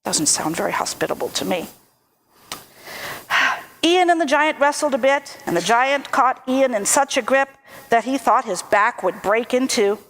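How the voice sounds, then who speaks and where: A woman telling a folk tale aloud at a church service, lively and expressive. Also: fairly high pitch. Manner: lively, expressive, slow storytelling.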